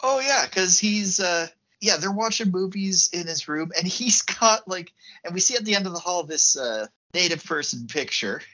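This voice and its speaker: A man co-hosts a podcast and recaps a film in loose, casual chat, full of fillers and little acted-out quotes. His voice sits fairly high and swings around a lot, with a bright, forceful edge. The audio is a little dull and lo-fi. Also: normal speed. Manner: animated plot retelling with fillers and acted-out quotes. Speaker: podcast co-host.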